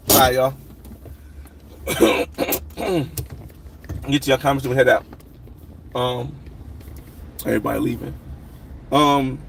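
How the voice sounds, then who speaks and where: A man hosting a casual livestream, reading viewer comments and rambling through his thoughts with loud shout-outs. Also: on the high side, moderate pace, pauses often, a little hiss or hum, rough recording. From United States. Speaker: livestream host.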